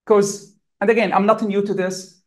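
Man, high-pitched voice, physician at a talk, emotional, halting delivery. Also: level tone. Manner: emotional, halting, with repeated restarts. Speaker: physician speaker. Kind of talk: personal account at a public talk.

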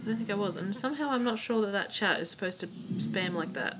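A woman's voice: medium pitch, quick pace. A woman giving casual let's-play commentary, chatty and muttering to herself with mild swearing. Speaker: gaming channel host. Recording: steady clicking noise behind.

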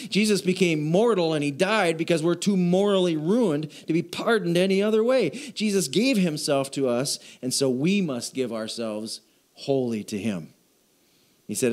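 A man preaching a church sermon as pastor, who repeats short phrases in a steady cadence, asks the congregation for an "amen", and gets emotional while reading. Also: fairly high pitch, normal speed. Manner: repetitive preaching cadence, call and response. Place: church sanctuary.

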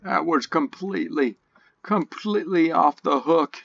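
A man giving excited play-by-play wrestling commentary, breaking into frequent shouted exclamations. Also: fairly high pitch, unhurried, gravelly, dry recording, muffled recording. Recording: game crowd and music behind.

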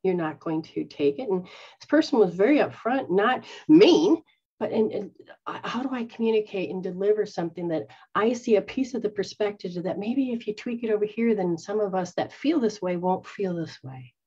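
Woman, spiritual teacher, earnest, acts out quotes, breathy mid pitch, dull recording. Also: expressive, normal speed, warm tone. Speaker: psychic medium and spiritual teacher. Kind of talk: spiritual talk to followers. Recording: dull lo-fi sound.

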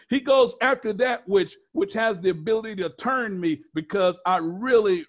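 A male pastor preaching a sermon, emphatic and repetitive, prompting the congregation with questions. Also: high-pitched.

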